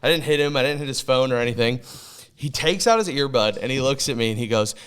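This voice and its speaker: A man's voice: medium pitch, fast, a bit bright, clear, resonant tone. A man co-hosting a podcast who tells a story in a casual chat, with lots of fillers. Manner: chatty storyteller with frequent fillers. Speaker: podcast co-host.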